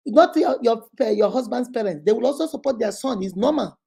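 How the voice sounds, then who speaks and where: A woman's voice: fairly high pitch, lively intonation, brisk, dark tone, slightly rough. A middle-aged woman with a Nigerian accent, giving earnest, emphatic relationship advice as the host of a talk video. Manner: earnest and emphatic, lapses into Igbo phrases.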